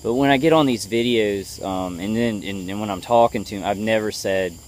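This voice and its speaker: Deep-voiced man, halting and calm. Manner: halting, full of fillers and restarts; tries to stay calm and level. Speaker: vlogger. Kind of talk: personal video update.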